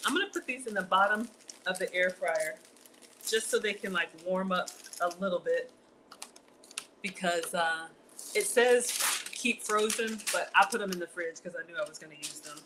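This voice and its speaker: A woman's voice: on the low side, moderate pace, noisy background. A woman casually demonstrating a recipe in her home kitchen, chatting to viewers and calling them y'all. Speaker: cooking vlogger.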